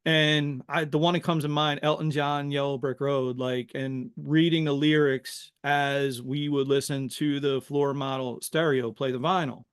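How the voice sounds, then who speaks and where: A middle-aged man from Philadelphia, a podcast guest telling stories from his youth in a lively, casual way and tacking "man" onto most sentences. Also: mid-range voice, a little slow, hardly any pauses, clear, resonant tone. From Philadelphia, USA. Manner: animated, says "man" constantly. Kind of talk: casual storytelling interview.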